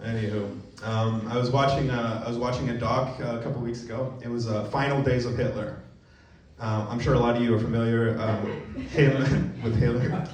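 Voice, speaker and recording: A young man doing a self-mocking stand-up comedy set, jumping into acted voices and going from mumbled asides to loud punchlines. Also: normal speed, slight background noise. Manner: animated, self-mocking, jumps into high-pitched acted voices. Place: comedy venue with a live audience. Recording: roomy, distant live club recording with crowd laughter. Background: audience laughing.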